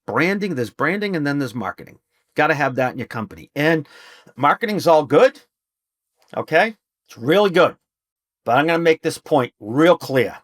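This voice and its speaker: A man's voice: medium pitch, a bit bright, no echo, studio quality. A middle-aged man, a business trainer, talking casually and emphatically as a podcast guest. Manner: emphatic, salesman-like storytelling. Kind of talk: casual interview talk.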